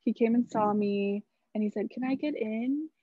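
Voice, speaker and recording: A woman's voice: on the high side, moderate pace, dry recording. A young woman telling a personal story in a casual podcast chat, full of "like" and some casual swearing. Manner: chatty, lots of "like", casual swearing. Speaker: guest telling her birth story. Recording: slightly dull, dry recording.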